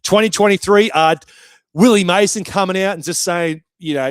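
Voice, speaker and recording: A brash young Australian man rattling through casual podcast commentary, swearing as he goes. His voice sits a little high for a man. The sound is dry and close, with no room around it. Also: a little fast, no echo. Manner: brash and chatty, swears freely. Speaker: podcast host.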